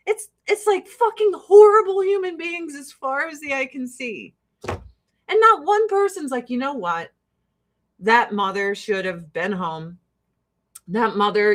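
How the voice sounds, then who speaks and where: A woman in her forties with a notably high voice, ranting to her livestream viewers. She swears freely and turns heated and sarcastic.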